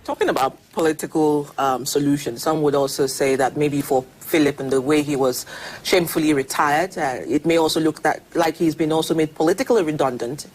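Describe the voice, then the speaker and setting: A woman interviewing a guest on TV, asking measured questions with hedging fillers. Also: low-pitched, darkish tone, a little hiss or hum, poor audio.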